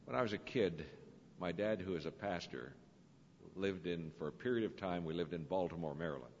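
A man's voice: low voice, a little fast, a little hiss or hum. A man preaching a sermon, telling stories with dramatic, swelling emphasis. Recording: dull lo-fi recording in a reverberant hall.

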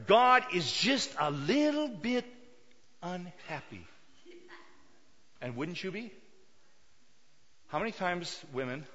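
A man's voice: fairly high pitch, bright, forceful tone. A male pastor preaching a sermon emphatically, firing rhetorical questions at his congregation. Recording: dull sound with long hall reverb.

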